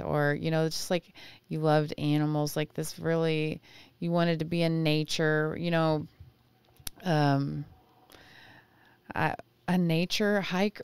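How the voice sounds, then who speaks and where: A woman's voice: deep voice, creaky, smooth, dry recording. A woman giving a casual intuitive tarot reading, chatty and often searching for words. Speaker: tarot reader.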